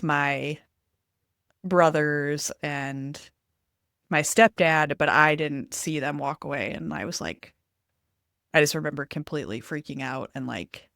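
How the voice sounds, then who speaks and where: A woman from Western North Carolina, a podcast co-host, sharing a memory in relaxed, filler-filled chat. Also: low-pitched, measured pace, creaky, dry recording, clean studio sound. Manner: chatty, many fillers. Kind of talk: casual conversational chat.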